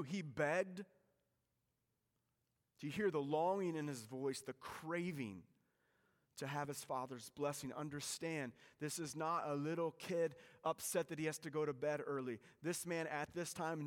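Fired-up pastor guy, kinda high voice, long echo like a big church hall. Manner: animated storytelling preacher, swings from loud to hushed. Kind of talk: sermon. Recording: reverberant hall.

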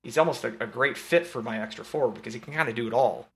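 A man co-hosting a sports podcast, talking casually in halting, self-correcting bursts and cracking jokes. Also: medium pitch, fairly bright tone. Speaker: podcast co-host.

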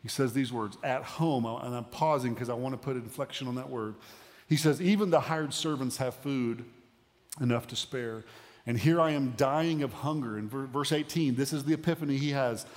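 A man giving a sermon as a pastor, conversational with pauses and emphatic rises. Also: mid-range voice. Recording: long hall reverb.

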